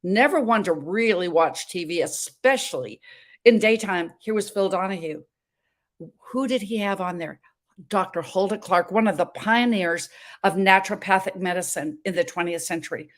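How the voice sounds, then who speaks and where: A woman's voice: medium pitch, moderate pace. A woman in her seventies hosting a talk show, telling a story in an emphatic, dramatic way from a hotel room. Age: 70s. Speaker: show host.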